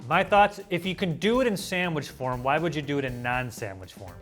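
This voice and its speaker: A man from the US hosting a casual food review, playful and excitable, with mock-dramatic asides. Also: on the high side, brisk, faint music behind. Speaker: food show host.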